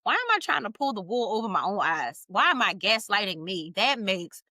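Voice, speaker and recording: A woman in her thirties hosting a podcast, talking in an emphatic, encouraging and animated way in a casual heartfelt conversation. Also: mid-range voice, a little fast, no room sound. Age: 30s. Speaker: podcast host.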